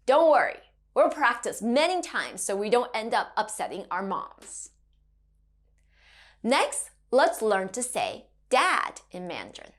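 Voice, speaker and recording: A woman leads a children's language lesson with a cheerful, teacherly manner. Her voice sits a little high and moves up and down a lot. She speaks slowly and lays out each word with care. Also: big pitch swings. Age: adult parent. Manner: cheerful, slow and clearly enunciated, teacherly. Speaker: Mandarin teacher.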